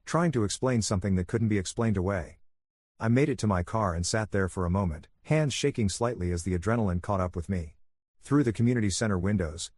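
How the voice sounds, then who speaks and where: A man calmly narrating a first-person story in an even, soothing manner. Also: lowish voice, dry recording, clean studio sound.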